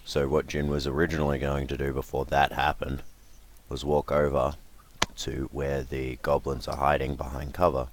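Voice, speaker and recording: A man playing a tabletop game, deliberately describing his character's actions in the third person. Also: a bass voice, flat delivery, slight background noise. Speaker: player.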